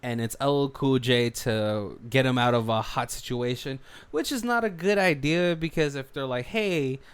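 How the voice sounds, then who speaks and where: A man's voice: mid-range voice, normal speed, smooth. A man co-hosting a movie commentary podcast in casual chat, rambling with lots of fillers and frequent laughter. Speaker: podcast co-host. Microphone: studio mic.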